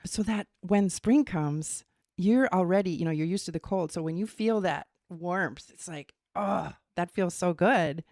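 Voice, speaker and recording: A middle-aged woman, co-hosting a podcast in casual, animated chat. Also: on the low side, moderate pace, dry recording, studio quality. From Minnesota. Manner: animated, explains theories, laughs. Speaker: podcast co-host.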